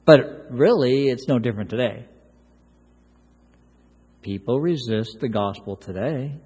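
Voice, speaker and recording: A man's voice: mid-range voice, a little slow, dark tone, husky, big-room sound. A man preaching a sermon verse by verse, earnest, often repeating words and acting out the pleas he quotes. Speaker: pastor.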